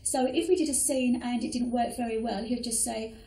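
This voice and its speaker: A woman's voice: fairly high pitch, fairly even intonation, fairly quick, warm tone, far from the mic. Woman in a roomy, echoing space. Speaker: interviewee. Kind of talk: reminiscing interview. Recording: roomy echo.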